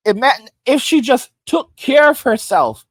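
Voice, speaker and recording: A man's voice: very high-pitched, a little slow, no room sound, studio quality. A man from Arizona giving blunt, emphatic reaction commentary that he keeps punctuating with "all right?". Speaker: online commentator.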